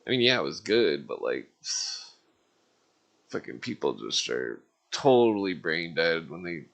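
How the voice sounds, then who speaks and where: A man's voice: sits low, big pitch swings, measured pace, vocal fry, fairly bright tone. A man calling in to a live stream, telling rambling stories in casual talk, swearing constantly and filling gaps with filler words. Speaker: caller on a live call-in stream.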